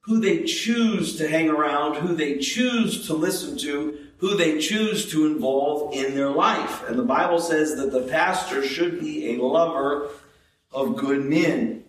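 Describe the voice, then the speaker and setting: A man preaching a sermon as pastor, slow and emphatic, repeating phrases for stress. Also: a little high. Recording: echoey room, distant mic.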